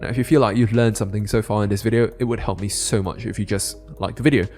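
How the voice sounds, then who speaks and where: A man giving a casual crypto chart analysis, often checking in with the listener with quick tag questions. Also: on the low side, fairly even intonation, darkish tone, faint music behind. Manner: casual, keeps adding "right?" tag questions. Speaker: crypto trading YouTuber.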